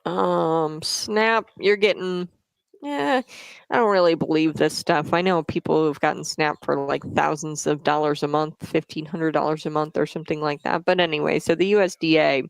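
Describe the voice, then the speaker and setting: Female talk host, casual political commentary, raspy fry-edged voice, loose and chatty delivery. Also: low-pitched, normal speed, no room sound. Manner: chatty, frequently tags "okay?"; stumbles over names.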